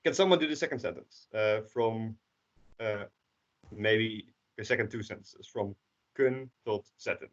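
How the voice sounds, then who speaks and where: A Dutch man teaching a language class online, explaining slowly with many hesitations. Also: lowish voice. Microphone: computer microphone on a video call. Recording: dull lo-fi call audio.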